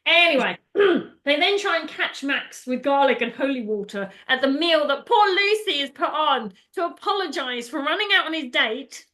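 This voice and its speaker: A woman's voice: high-pitched, lively intonation, normal speed, pushed and bright. A woman hosting a podcast, chatting casually as she retells a film, laughing often and acting out the lines. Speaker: podcast host.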